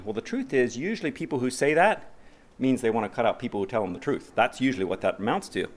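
A man's voice: medium pitch, expressive, fast. A male pastor preaches in a mid-range voice, moving between plain conversational asides and raised, emphatic scripture reading. He puts questions to the congregation and answers them himself. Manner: preaching, reads scripture aloud with rising emphasis. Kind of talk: sermon.

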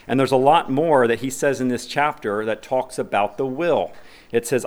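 A man's voice: medium pitch, animated, fairly quick. A male pastor preaches in a mid-range voice, moving between plain conversational asides and raised, emphatic scripture reading. He puts questions to the congregation and answers them himself. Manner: preaching, reads scripture aloud with rising emphasis. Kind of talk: sermon.

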